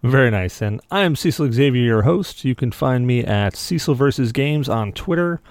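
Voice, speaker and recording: A man hosting a podcast, telling rambling, animated stories in casual chat. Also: medium pitch, moderate pace, dry recording, clean studio sound. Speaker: podcast host.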